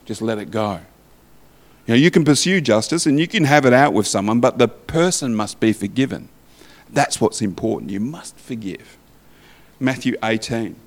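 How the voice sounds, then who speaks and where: A man's voice: medium pitch, lively intonation, moderate pace. Man, preacher, sermon, conversational, reads scripture, asks listeners questions.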